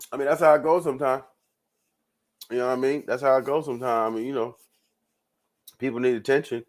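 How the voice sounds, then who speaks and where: A man's voice: mid-range voice, steady tone, moderate pace, long pauses. A man hosting his own show, ranting in loose commentary with frequent profanity, repeated words and laughs. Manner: rambling, profane, repeats himself, laughs often. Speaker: show host.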